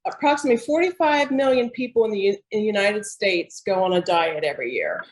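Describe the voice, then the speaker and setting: A woman's voice: medium pitch, lively intonation, fast, poor audio. A woman sharing her recipes in a casual cooking chat, speaking plainly with some hesitation.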